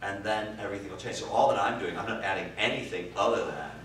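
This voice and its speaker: A man teaching improv, answering interview questions in an animated way, swearing and swinging from quiet musing to loud bursts. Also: lowish voice, fast. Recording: distant roomy recording with faint noise.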